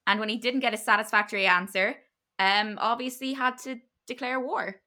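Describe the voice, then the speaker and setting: A woman's voice: a little high, fairly even intonation, normal speed, bright, forceful tone. A woman casually retelling a history story to her podcast co-host, chatty and loose, with many fillers and restarts.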